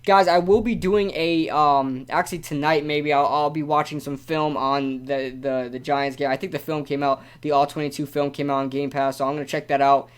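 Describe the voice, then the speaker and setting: A man's voice: fairly high pitch, steady tone, normal speed, hardly any pauses, clean tone. A young man hosting a casual live-stream sports talk show, rambling and ranting animatedly with lots of repeats.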